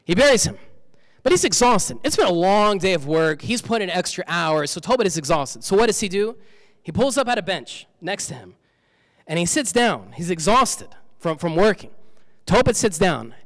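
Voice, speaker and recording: A man's voice: high voice, animated, normal speed, a bit bright, no echo, in a large hall. A man preaching a sermon in a conversational way, repeating key phrases for emphasis.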